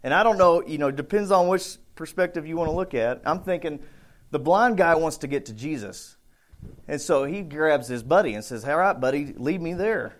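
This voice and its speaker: A man preaching a casual, conversational sermon, acting out bits of the story with shouts and voices. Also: a little high, moderate pace. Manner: conversational, thinks aloud with restarts. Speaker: pastor.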